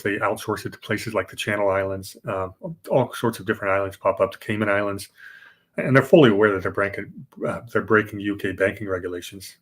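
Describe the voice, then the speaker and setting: Low-voiced man explaining history casually. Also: fairly bright tone. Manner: conversational, explanatory with frequent fillers and restarts. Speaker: podcast host. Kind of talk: casual history podcast chat. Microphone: remote podcast setup.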